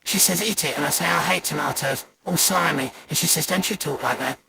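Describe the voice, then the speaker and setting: Sulky, fry-edged animatronic grumbler for a performer; noisy lo-fi capture. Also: medium pitch, fairly quick, natural voice. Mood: grumbling. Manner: grumbling, mock-childish complaining. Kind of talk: fan voice acting of a poem. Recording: noisy hiss.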